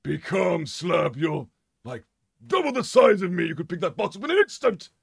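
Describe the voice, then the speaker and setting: A man voicing a gruff, impatient male judge who talks in a brusque, commanding way. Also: sits high, sing-song, normal speed, voice pushed up, heavily acted.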